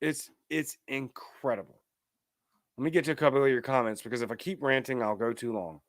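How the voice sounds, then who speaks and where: A man's voice: medium pitch, fairly even intonation, brisk, no echo, studio quality. A man hosting a political commentary show, ranting emphatically and reading out viewer comments. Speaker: host.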